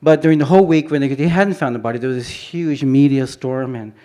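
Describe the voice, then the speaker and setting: A man presents his photography work at a conference, speaking in a loose, conversational way. He circles back often, restarting sentences and leaning on "you know." His voice sits at an ordinary middle pitch. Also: fast talker, dark tone. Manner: rambling, many restarts and "you know" fillers. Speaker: photographer giving a conference talk. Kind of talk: informal presentation talk. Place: conference hall.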